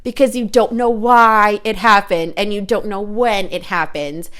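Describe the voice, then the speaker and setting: A woman therapist chatting on a comedy podcast, animated and rambling, laughing often. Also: medium pitch, measured pace, clean tone. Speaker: therapist guest. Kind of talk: casual podcast chat.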